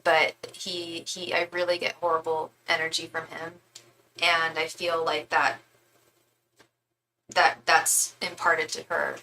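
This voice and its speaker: A woman's voice: on the low side, steady tone, a little slow, bright, forceful tone, slight background noise, low-quality recording. A young woman giving a live-stream tarot reading, talking casually in slangy, emphatic bursts and often restarting her sentences. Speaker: tarot reader.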